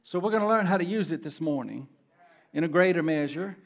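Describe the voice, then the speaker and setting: A middle-aged male guest preacher delivering a sermon with a fairly high voice. He drops to a low, confiding tone and then surges into loud, emphatic declarations. His pace shifts freely to stress his points. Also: fairly quick. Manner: emphatic, swinging from quiet to loud boasting. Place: church sanctuary.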